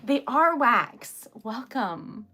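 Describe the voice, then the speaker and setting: A young woman talks very slowly in a sharp-toned, sing-song voice on the high side, with a little hiss or hum present. As host of her wax seal craft livestream, she chats casually and giggles often, bubbly and self-described as a really emotional lady.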